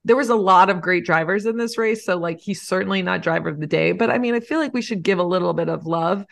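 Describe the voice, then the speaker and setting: A woman co-hosting a casual podcast chat at home, gushing and animated, swearing freely and jumping into squeaky indignation. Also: quick pace, creaky. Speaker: podcast co-host. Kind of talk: casual chat about motor racing. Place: home, with a snoring dog nearby.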